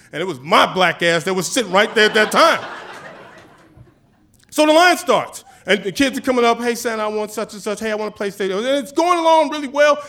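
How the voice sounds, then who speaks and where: A man telling a personal story on stage, animated and casual, acting out the dialogue. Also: extremely high pitch. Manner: animated, acts out dialogue with voices; casual, chatty with swearing.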